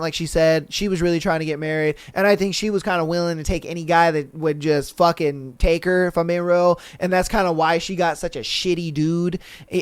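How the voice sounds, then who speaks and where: A man's voice: high-pitched, clean tone, no echo, clean studio sound. A man hosting a podcast, giving a casual, blunt, profane recap with mocking impressions. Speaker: podcast host.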